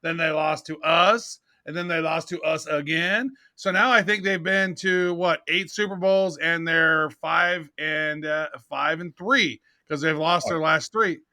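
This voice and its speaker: Bright, high-voiced excitable man. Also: unhurried, hardly any pauses. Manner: excitable, says dude a lot. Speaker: podcast co-host. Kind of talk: casual sports chat.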